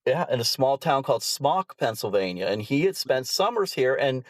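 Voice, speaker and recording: A man's voice: medium pitch, very animated, normal speed, dry recording. A man hosting a podcast interview, reacting briefly and asking loose, rambling questions. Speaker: podcast host. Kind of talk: casual interview.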